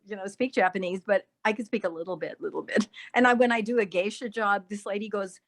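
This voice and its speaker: A woman guest telling stories from her acting career in a casual chat. She laughs often and slips into accents mid-story. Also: fairly high pitch. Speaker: guest actress.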